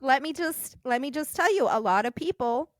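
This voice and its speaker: Animated swearing woman telling a story. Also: high voice, moderate pace, no echo, studio quality. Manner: animated, swearing, acts out dialogue in her story. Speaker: podcast co-host. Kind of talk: casual storytelling chat.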